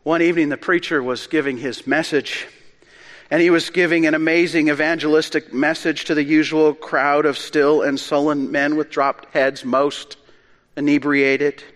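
A man preaching a sermon as pastor, telling a story in earnest, measured phrases. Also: fairly high pitch, little pitch movement, fairly bright tone, long reverb tail.

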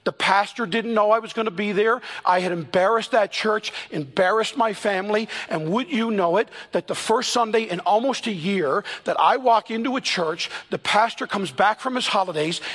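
A pastor in his fifties delivers a sermon in church, his voice high and a little bright. He tells stories earnestly, moving between fast and slow passages with emphatic delivery.

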